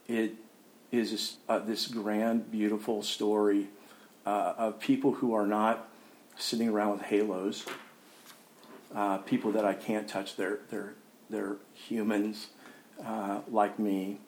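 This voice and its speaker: A man's voice: fairly low pitch, a little mellow, rough recording. An older man preaching a sermon in an earnest, reflective way.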